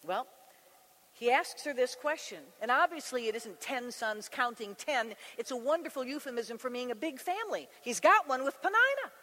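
Animated woman preaching in a big hall. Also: high voice, moderate pace. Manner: animated, conversational, acts out scripture scenes. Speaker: Bible teacher. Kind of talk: women's Bible study sermon. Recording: long reverb of a large hall.

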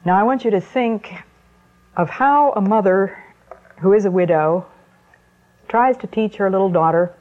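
A woman preaching an evening sermon talk in a slow, deliberate manner, with weighty pauses between phrases. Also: medium pitch. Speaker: Christian speaker. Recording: muffled lo-fi recording.

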